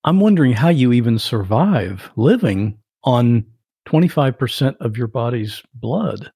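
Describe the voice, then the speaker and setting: Mellow, husky-voiced podcast host. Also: male voice, medium pitch, animated, a little slow, no echo, studio quality. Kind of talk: interview questions.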